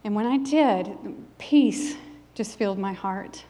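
A middle-aged woman gives a sermon and shares her own testimony. She speaks with an earnest, emphatic preaching rhythm at a medium pitch. Her voice carries long reverb, as in a church hall. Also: slow, few pauses, warm tone.

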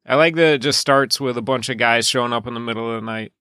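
Gravelly, bright-voiced man on a podcast. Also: mid-range voice, fast, no echo, studio quality. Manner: meandering, trailing off mid-thought. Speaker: podcast co-host. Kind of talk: casual film-discussion chat.

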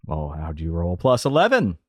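A man playing a tabletop game, quick to argue the rules and tally his rolls aloud. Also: deep voice, huge pitch swings, dry recording. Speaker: player.

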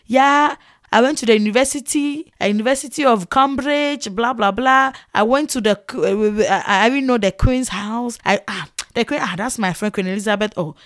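A woman's voice: on the high side, fairly quick, dry recording, close to an everyday voice. A woman mimicking a boastful show-off who brags and name-drops breezily, in a dry close recording. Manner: bragging, name-dropping, breezy. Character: boastful show-off bragging about famous friends.

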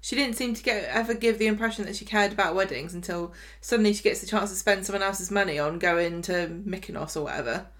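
A woman's voice: mid-range voice, quick pace, few pauses, a bit bright. A woman co-hosting a podcast, chatting casually about a soap opera, opinionated and full of rhetorical questions. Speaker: podcast co-host.

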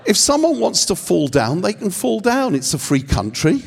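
A man's voice: sits high, big pitch swings, moderate pace, creaky. A man teaching on prayer, acting out little scenes with self-deprecating humor. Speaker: speaker at a prayer training session. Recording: long hall reverb.

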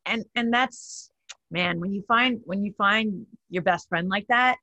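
Upbeat, husky woman host. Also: medium pitch, a little slow, sharp tone, dull audio. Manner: upbeat, laughs easily. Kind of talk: casual chat.

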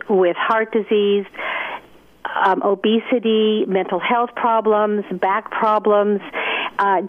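A woman guest expert explains steadily, laying out points with frequent ums. Her voice comes through a thin, narrow phone line. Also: medium pitch. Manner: clear, explanatory, many ums. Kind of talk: interview explanation.

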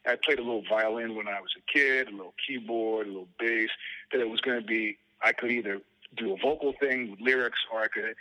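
Bright-voiced man telling profane stories. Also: lowish voice, brisk, low-quality recording. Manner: profane, rambling anecdotes, acts out quoted dialogue. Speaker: guest musician. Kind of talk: storytelling interview answers.

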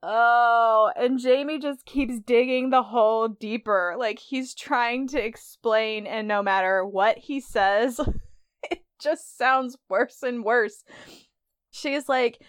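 A woman's voice: fairly high pitch, takes it slowly, smooth, no echo, studio quality. A woman podcast host giving a chatty, conversational recap of a TV episode.

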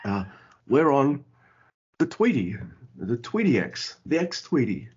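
A man's voice: medium pitch, very animated, a little slow, darkish tone, breathy edge. A man hosting a podcast in casual chat, goofy and full of playful wordplay. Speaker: podcast host. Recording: dull lo-fi audio.

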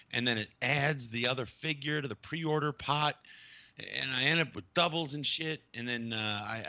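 A man's voice: mid-range voice, bright, forceful tone. A man chatting casually on a podcast, rambling, self-mocking and swearing freely. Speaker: podcast co-host. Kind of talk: casual chat.

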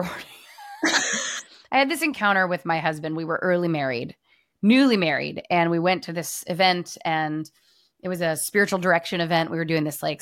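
A young adult woman co-hosting a casual faith conversation, telling personal stories in an animated way. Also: fairly low pitch, no echo, clean studio sound. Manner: animated storyteller, acts out quotes. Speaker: podcast co-host.

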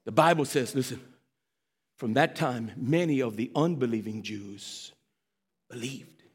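A man preaching a sermon as pastor, speaking straight to his congregation, swinging from hushed, slow lines to sudden shouts. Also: mid-range voice, husky. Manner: addresses the congregation directly.

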